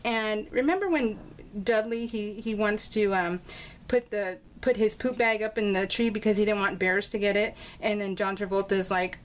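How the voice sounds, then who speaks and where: A young woman with a fairly high voice tells a story casually, giggling often. She acts out the lines people said and keeps the telling lively. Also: moderate pace, a little hiss or hum. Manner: giggly, animated, acts out quotes. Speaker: crafting vlogger.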